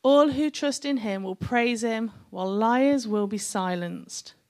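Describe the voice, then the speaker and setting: A woman's voice: a little high, a little slow, darkish tone. Chatty woman preaching a sermon. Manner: chatty, encouraging, joking asides to the congregation.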